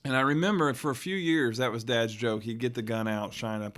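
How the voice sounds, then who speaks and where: A male podcast co-host from Florida spins a long family anecdote in an easygoing, rambling way. He laughs often and slips into little impressions of his relatives, with a voice pitched right in the middle. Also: fairly quick, hardly any pauses, fairly bright tone. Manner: rambling, laughing storyteller who acts out family members. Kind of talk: casual chat, personal storytelling.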